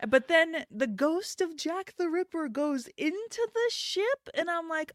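A woman's voice: extremely high pitch, takes it slowly, no echo, studio quality. A woman co-hosting a casual podcast chat, telling stories with frequent giggles. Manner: giggly, animated storytelling. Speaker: podcast co-host.

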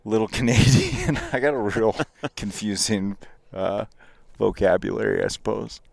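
A man's voice: lowish voice, big pitch swings, unhurried, vocal fry, a little mellow, no echo. A man hosting a podcast in casual chat, joking and laughing often, recorded outdoors near an airstrip. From United States. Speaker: podcast host.

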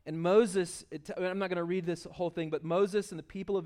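A man with a high-pitched voice preaches in a loose, conversational way, as if chatting with his congregation. He often stumbles and repeats words as he starts a thought. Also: fairly even intonation, fairly quick, few pauses, darkish tone. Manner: informal, repeats words when starting sentences. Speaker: pastor. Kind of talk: conversational sermon.

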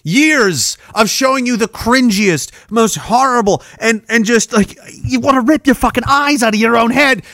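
A man hosting a podcast, ranting loudly and profanely with a taunting delivery. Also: very high voice, normal speed, hardly any pauses, no echo, clean studio sound. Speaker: podcast host.

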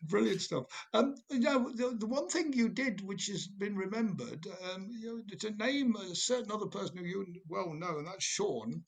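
A male host with a husky, somewhat high voice chuckles as he recalls old times with a former student. His delivery is relaxed and conversational. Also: moderate pace, few pauses. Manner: chuckling, warmly reminiscing. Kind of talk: casual interview chat.

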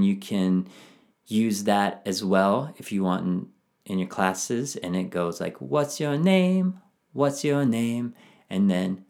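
A man who teaches English to young children, explaining his classroom method to other teachers in an animated way and modeling phrases slowly and clearly. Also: on the low side. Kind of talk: instructional talk for teachers.

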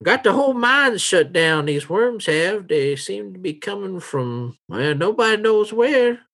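A shifty old con-man merchant, put on by a man in a raised, lively voice that swoops up and down. He rambles folksily with lots of hesitations and trails off mid-thought. It is a tabletop game voice. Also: high-pitched, measured pace, vocal fry, pitched above the performer's own voice, exaggerated voice. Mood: rambling.

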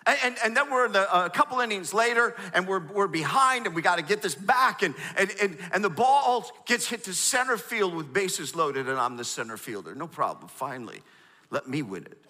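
A middle-aged man preaching a sermon, animated and storytelling, prompting the congregation. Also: high voice, normal speed, big-room sound. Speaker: pastor.

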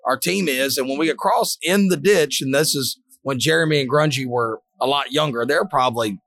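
A man, hosting a casual chat and telling lively coaching stories, shouting out quoted lines. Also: mid-range voice, fairly quick.

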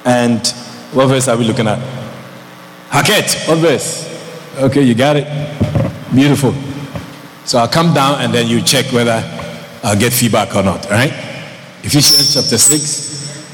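In a church hall, a man preaches in a mid-range voice at a measured pace, pausing often, with a little hiss or hum on the recording. As pastor he energetically calls to his congregation and repeats phrases for emphasis, all under long hall reverb and faint ambience.

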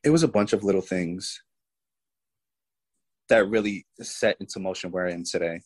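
A man guest in an interview, telling his own story in an animated way and voicing the people in it. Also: low voice, moderate pace, slightly rough, low-quality recording.

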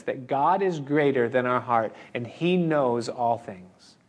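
A male pastor delivering an earnest, expository sermon and addressing the congregation directly. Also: fairly high pitch. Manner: earnest, expository, acts out the congregation's inner voices.

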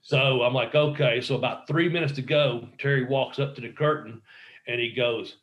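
A man's voice: mid-range voice, normal speed, highs cut off. Middle-aged guy rambling thru a story, swears a lot, acts out what people said, roomy sound. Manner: rambling, swears, quotes others in dialogue. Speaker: guest, wrestler. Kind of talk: casual storytelling interview. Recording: roomy echo.

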